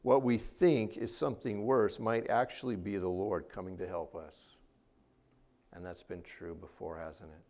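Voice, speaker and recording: A man preaching a sermon as a pastor, talking with animated, rising and falling emphasis. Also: low voice, measured pace.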